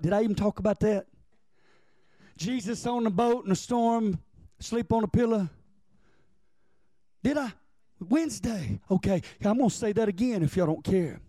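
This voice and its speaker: A man preaching a sermon in a church, building from plain talk to shouted, drawn-out peaks and calling on the congregation to respond. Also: sits high, dry recording, clean studio sound. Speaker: pastor.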